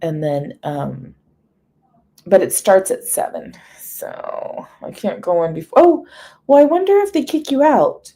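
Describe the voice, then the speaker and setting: A woman's voice: medium pitch, big pitch swings, a little slow, mellow, faint music behind. A woman hosting a casual livestream, chatting with viewers, greeting them by name and reading long menu lists aloud. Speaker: livestream host. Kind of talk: casual live chat with viewers.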